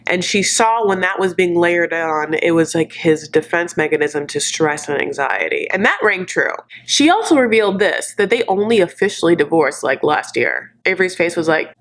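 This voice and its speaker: A woman's voice: lowish voice, lively intonation, normal speed, few pauses, rough recording. A woman hosting a reality TV recap in a campy, sassy commentary style, calling people "honey" and acting out the people she quotes. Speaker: recap show host.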